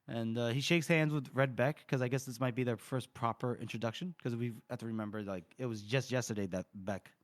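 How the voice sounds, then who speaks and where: A man co-hosting a casual book podcast, retelling scenes with lively quoted lines and frequent laughter. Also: mid-range voice, brisk, hardly any pauses. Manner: animated, acts out characters' lines with laughter. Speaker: podcast co-host.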